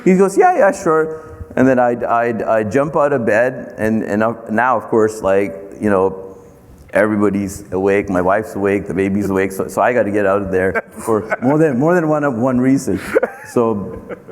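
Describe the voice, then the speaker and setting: A man being interviewed about his company, telling a long anecdote in a halting way, with many fillers and restarts. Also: fairly low pitch, in a large hall. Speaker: company founder and CEO. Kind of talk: storytelling interview.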